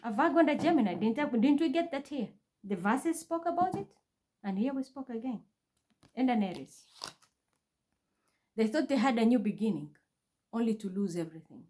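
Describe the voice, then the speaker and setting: A woman's voice: fairly high pitch, expressive, moderate pace, pauses often, a little mellow, slight background noise. A woman vlogging from home in an intense, accusatory, repetitive monologue. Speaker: spiritual reader vlogger. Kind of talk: agitated monologue to camera. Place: her home.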